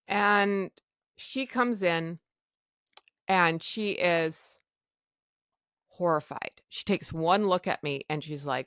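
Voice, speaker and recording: A woman's voice: lowish voice, slow pace, long pauses, fairly bright tone, clear, resonant tone, no echo, studio quality. A woman podcast host candidly telling a personal story in a blunt, self-mocking way.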